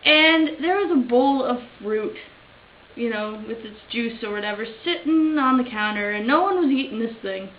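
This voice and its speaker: A giggly woman with a high voice telling a party story. She stretches out her punchlines for laughs. The lo-fi recording sits in an echoey room with faint hiss. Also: animated. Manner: giggly, drawn-out comic delivery. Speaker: vlogger. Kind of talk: casual storytelling chat.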